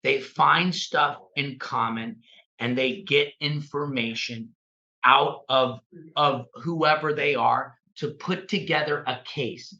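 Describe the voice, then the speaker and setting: Animated man telling a story, echoey. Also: medium pitch, takes it slowly. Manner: animated, acts out quoted dialogue. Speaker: realtor guest on a real estate podcast. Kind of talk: casual storytelling. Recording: echoey room, dull lo-fi sound.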